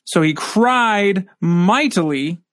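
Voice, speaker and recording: A man's voice: high voice, animated, takes it slowly, fairly bright tone, dry recording, clean studio sound. A man teaching a scripture lesson, reading verses aloud and then commenting on them.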